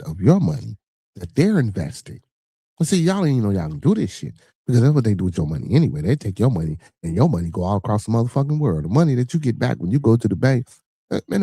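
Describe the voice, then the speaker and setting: Low, dark-voiced Chicago man. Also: husky, no echo, clean studio sound. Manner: blunt, profane, repeats words and restarts. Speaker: podcast host. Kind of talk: casual chat.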